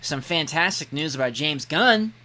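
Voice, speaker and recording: Man, podcast host, casual chat, animated, very bright tone. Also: on the high side, moderate pace. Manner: animated storyteller, bursts into loud mock voices.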